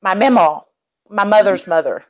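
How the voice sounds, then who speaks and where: A woman's voice: medium pitch, normal speed, poor audio. Sassy Texan woman telling stories. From Texas. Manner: sassy storyteller, sweetly cutting. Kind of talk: casual chat.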